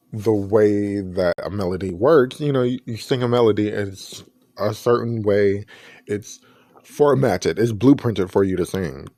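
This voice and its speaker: A man with a fairly low, darkish voice hosts his own podcast, with no room sound in the recording. His personal commentary is earnest and reflective, and he often starts his sentences over.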